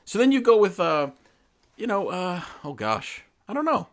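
A middle-aged man co-hosting a casual podcast conversation. His voice swoops widely, jumping into high excited tones whenever something surprises him. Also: normal speed. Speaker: podcast co-host. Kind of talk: casual chat.

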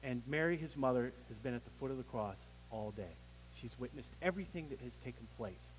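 A man preaching a sermon as pastor, swelling to emphatic peaks and dropping low, with some restarts. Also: fairly quick, long reverb tail, slight background noise, poor audio.

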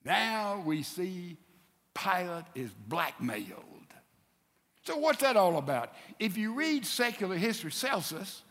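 A man preaching a sermon in a high, bright, forceful voice. He tells the story with animation and acts out its characters. His voice rings with the long reverb of a church hall. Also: very animated, a little slow.

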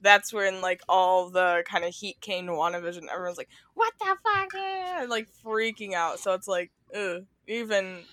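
A woman's voice: on the low side, lively intonation, moderate pace, hardly any pauses, fairly bright tone, dry recording. A woman co-hosting a movie podcast, chatting casually, laughing often, blunt in her opinions. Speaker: podcast co-host. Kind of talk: casual chat.

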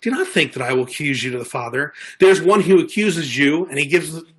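A pastor with a slightly high, expressive voice and a breathy edge preaches fairly quickly. Earnest and conversational, he often restarts his words while reading and explaining scripture.

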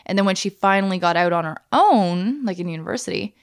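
A woman co-hosting a podcast in casual, animated chat, laughing often. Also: medium pitch, quick pace, clear, resonant tone. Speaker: podcast co-host.

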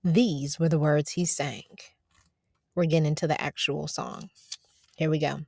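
A woman hosting a devotional podcast, chatting casually and encouragingly, then reading scripture aloud slowly. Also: low voice, fairly even intonation, vocal fry, a little mellow, no room sound, studio quality. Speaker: podcast host.

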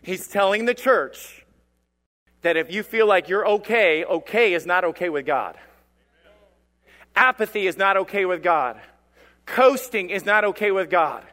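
A pastor delivers his sermon in a high, bright voice that rings through a church with a long reverb tail. He swings between loud declarations and quieter, low asides. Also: lively intonation, unhurried, long pauses. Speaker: lead pastor. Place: church sanctuary.

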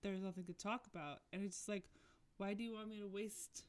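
A woman's voice: mid-range voice, steady tone, fairly quick. A woman talking candidly in a casual conversation, rambling with many fillers. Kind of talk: casual chat.

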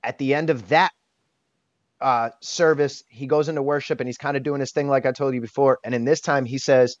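A man's voice: medium pitch, fast talker, no room sound. A man in his thirties, a podcast guest telling a personal story candidly, emotional and blunt, swearing casually and restarting often. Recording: dull lo-fi dry sound.

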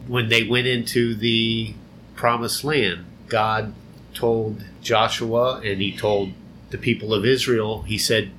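A man giving an unhurried, conversational Bible teaching, explaining and repeating phrases for emphasis. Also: fairly low pitch, steady tone, fairly bright tone, a little hiss or hum, low-quality recording.

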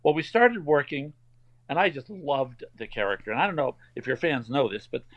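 An older man, a voice actor guest, telling animated anecdotes in a casual interview and slipping into playful voices. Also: medium pitch, moderate pace, dry recording. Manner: animated storyteller who slips into playful voices. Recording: dry, dull lo-fi sound.

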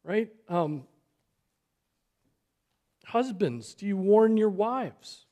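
A man preaching a sermon, earnest, swinging between loud exhortation and soft, quiet asides. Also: high-pitched, expressive, drawn-out words. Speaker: pastor.

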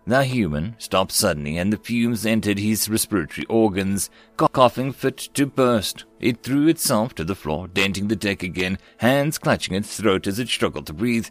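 Male narrator of sci-fi stories, low and animated, soft music bed. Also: moderate pace, hardly any pauses. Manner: expressive, varied storytelling. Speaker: story narrator. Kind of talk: scripted narration of science fiction stories.

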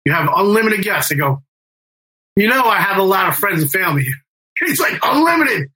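A man's voice: high-pitched, fairly quick, sharp tone, slightly rough, poor audio. A middle-aged man telling a long story in casual interview talk, rambling with fillers and restarts and swearing. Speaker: guest, band member and music manager.

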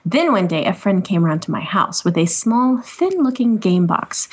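A woman's voice: mid-range voice, expressive, normal speed. A woman co-hosting a podcast, reading a listener's email aloud in a casual, giggly way with frequent laughs. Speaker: podcast co-host.

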